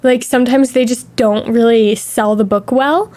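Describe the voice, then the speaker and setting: High-voiced young woman, chatty streamer. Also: steady tone, moderate pace, a little mellow. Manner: chatty, candid, drifting between tangents. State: sniffly with allergies and hiccups. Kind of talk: casual chat.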